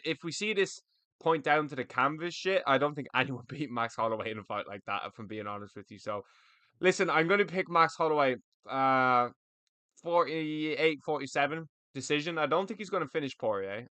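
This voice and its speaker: A man's voice: mid-range voice, a bit bright, no room sound. A young man, an MMA pundit, giving casual fight predictions in a blunt way, swearing freely and repeating himself.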